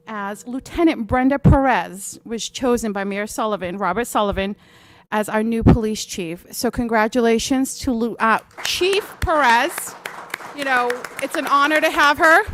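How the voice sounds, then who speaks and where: A woman chairing a public school meeting, speaking earnestly with frequent filler pauses. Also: on the high side, fairly bright tone.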